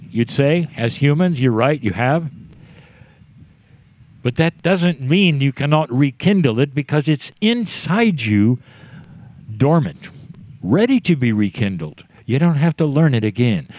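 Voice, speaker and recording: A man delivering a channeled spiritual message to a live audience, speaking in short measured phrases and addressing the listeners directly. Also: medium pitch, animated, a little mellow, dry recording.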